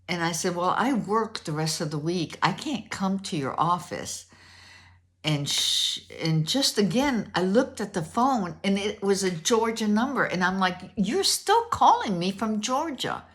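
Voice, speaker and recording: An older woman telling a story in a casual, animated way, acting out both sides of a conversation. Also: mid-range voice, unhurried. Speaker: vlogger.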